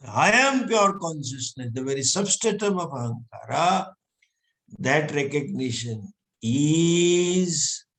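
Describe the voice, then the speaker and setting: A man from India, teaching a scripture class with patient explanations and frequent soft chuckles. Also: mid-range voice. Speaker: Vedanta teacher. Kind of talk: scripture lecture.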